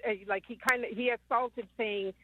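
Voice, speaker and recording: A woman's voice: a little high, steady tone, moderate pace, dry recording. A woman in her fifties, calling in, telling her story in a rambling way full of ums. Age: 50s. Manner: rambling retelling with many ums. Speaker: caller. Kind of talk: phone-in call. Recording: tinny phone line.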